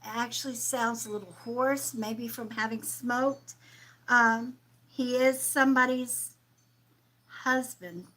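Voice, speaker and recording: A woman hosting a live-stream psychic reading, speaking softly and affectionately, calling viewers sweetheart and sometimes dropping to a whisper. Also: on the high side, steady tone, slow pace, low-quality recording. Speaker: psychic medium and livestream host.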